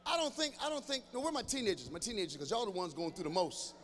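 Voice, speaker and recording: A middle-aged man performing stand-up comedy at a live show in a large church venue, talking straight to the crowd in an animated way and now and then breaking into shouts. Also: high voice, racing, a little hiss or hum. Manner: animated, addresses the audience directly, breaks into shouts. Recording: echoey hall with faint ambience.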